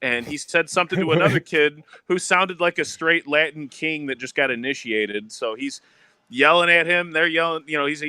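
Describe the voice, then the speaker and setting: A man co-hosting a casual gaming chat, telling animated stories and mimicking yelling kids. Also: on the high side, brisk, clear, resonant tone, no room sound. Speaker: co-host.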